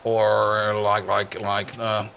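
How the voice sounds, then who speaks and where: A man's voice: lowish voice, monotone, very slow, gravelly, fairly bright tone, a little hiss or hum. A man streaming a game live, chatting casually with his viewers and laughing often.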